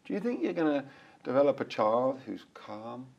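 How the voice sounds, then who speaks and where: A middle-aged man, a dog behaviour expert, talking as a guest in a casual interview. He is animated, acts out examples and laughs often. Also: mid-range voice, normal speed, dull audio.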